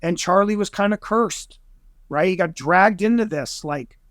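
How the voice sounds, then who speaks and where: A man guesting on a podcast, telling a story in an excitable, rambling way and acting out other people's voices. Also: sits high, a little slow, no room sound, studio quality. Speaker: guest investigator. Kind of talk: animated storytelling in conversation.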